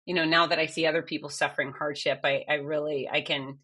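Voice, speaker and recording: Bright-voiced woman, candid interview guest. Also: deep voice, little pitch movement. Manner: candid, emotional, quick bursts. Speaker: fitness expert and race announcer, guest. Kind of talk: conversational interview.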